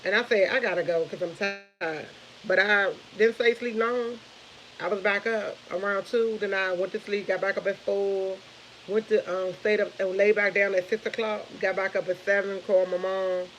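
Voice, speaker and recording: A woman's voice: mid-range voice, steady tone, moderate pace, a bit bright, slight background noise, low-quality recording. A woman, in her thirties, chatting casually and rambling to viewers of her morning live stream, laughing often.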